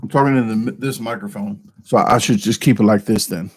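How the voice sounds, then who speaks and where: A man's voice: lowish voice, fairly even intonation, a little fast, husky. A man hosting his own channel in casual, rambling chat, talking into a desk microphone and joking at his own expense. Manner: rambling, self-deprecating, with frequent restarts. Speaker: YouTube channel host.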